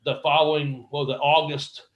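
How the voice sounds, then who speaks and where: A middle-aged man recounts his wrestling days in a loose, chatty interview. His voice sits slightly high, and he slips into quoted voices, swears freely and laughs at his own stories. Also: normal speed, lo-fi sound. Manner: animated storyteller, acts out quotes, swears freely, laughs often. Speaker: former pro wrestler, interview guest. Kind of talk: casual storytelling interview.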